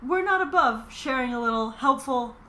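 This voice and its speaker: A woman's voice: high-pitched, expressive, moderate pace, pushed and bright, a little hiss or hum. A woman co-hosting a podcast, chatting casually with teasing, sarcastic asides. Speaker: podcast co-host. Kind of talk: casual recap chat.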